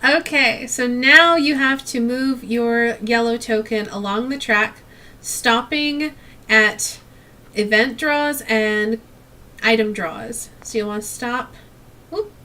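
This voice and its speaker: A woman's voice: fairly high pitch, bright, forceful tone, distant mic. A woman hosting a tabletop game, patiently walking the players through each move and laughing often. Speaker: game host explaining the rules. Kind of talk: casual tabletop game play.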